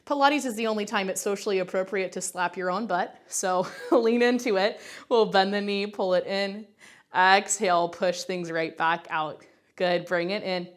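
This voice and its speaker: This guided Pilates session is led by a woman at a medium pitch and a moderate pace. She exercises along and is a bit winded, but stays upbeat and chatty while counting the reps.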